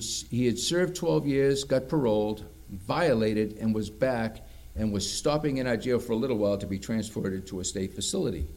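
A middle-aged man who ministers at a jail, reading scripture slowly and emphatically, then preaching in a conversational way. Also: medium pitch, a little mellow.

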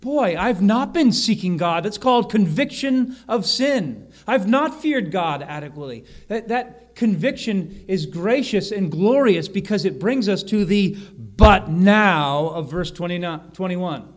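Emphatic high-voiced male preacher. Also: expressive. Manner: emphatic, slows and rises on key phrases, frequent self-corrections. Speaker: pastor. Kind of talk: sermon.

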